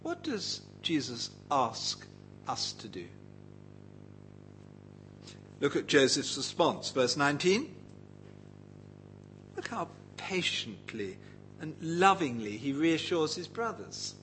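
A man gives a Bible teaching sermon, speaking at a slow, deliberate pace with a somewhat raised, very lively pitch. He keeps his listeners engaged with questions, and a faint hum sits under his voice. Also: poor audio. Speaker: preacher.

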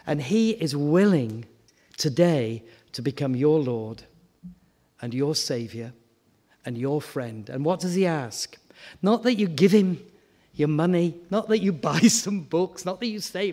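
Male preacher, conversational sermon, repeats words, climbs into animated questions; reverberant church hall. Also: a little high, measured pace, pauses often. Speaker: guest preacher. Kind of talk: informal sermon.

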